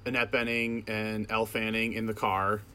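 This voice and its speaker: A man in casual chat about a film, hesitant and halting with fillers. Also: lowish voice, little pitch movement, bright, forceful tone, smooth. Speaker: podcast co-host.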